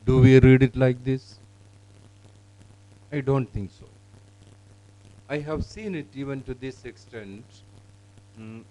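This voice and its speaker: Male demo presenter, relaxed mellow voice, explanatory, full of pauses and fillers. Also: mid-range voice, a little hiss or hum, low-quality recording. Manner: explanatory, halting with fillers and restarts. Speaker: software demonstrator. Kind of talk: live classroom software demonstration.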